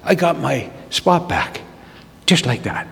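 Male preacher, animated storyteller with a bouncing delivery, long hall reverb. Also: fairly high pitch, slow, gravelly. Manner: animated storyteller who laughs at himself. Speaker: preacher sharing a testimony. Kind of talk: storytelling sermon.

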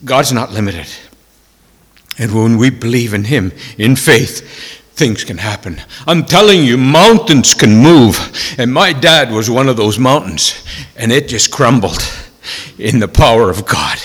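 A man telling a personal testimony in a sermon, emotional and tearful, dropping to hushed whispers and rising to loud exclamations. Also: mid-range voice, expressive, measured pace, slightly rough, long reverb tail. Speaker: preacher.

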